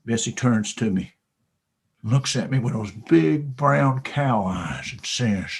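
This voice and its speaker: A man animatedly retelling a motivational sales story, dropping to a hush and then rising loud. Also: medium pitch, expressive, slow, vocal fry, slightly rough. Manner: dramatic, shifts between hushed and loud.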